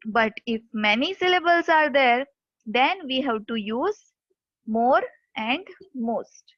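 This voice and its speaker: A woman with a high voice teaches a grammar lesson, explaining step by step and spelling words out letter by letter. The recording is dry and dull, like lo-fi audio. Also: lively intonation, takes it slowly, dry recording.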